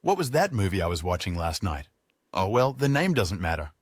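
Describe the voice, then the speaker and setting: A man's voice: low-pitched, very animated, fairly quick, slightly rough, no echo, clean studio sound. A man narrating an audiobook in a wry, conversational first-person style.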